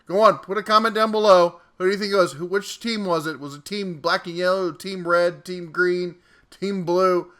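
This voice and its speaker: A man's voice: high-pitched, fairly even intonation, normal speed, a bit bright, clean tone. A man hosting a tool channel, reading mean viewer comments aloud with playful, jokey delivery. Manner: playful and jokey, chuckles between lines.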